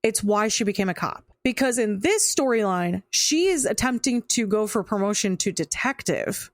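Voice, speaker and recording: A woman's voice: medium pitch, expressive, normal speed, no echo. A woman co-hosting a podcast, chatting casually and animatedly, often laughing and acting out quotes. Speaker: podcast co-host. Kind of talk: casual chat.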